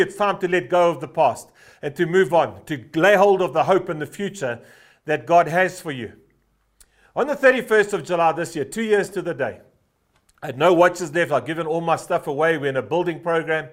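Preaching with animation, a man in his 50s speaks at a moderate pace in a slightly high voice. This pastor's sermon is storytelling heavy with "uh" fillers, and he fervently repeats a brief refrain to drive his point.

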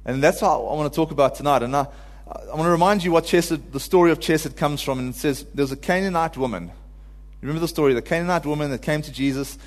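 A preacher with a fairly high-pitched voice delivers an informal, earnest sermon to his congregation, speaking fast with hardly any pauses. Long reverb trails his words, and when he quotes, he builds to pleading cries.

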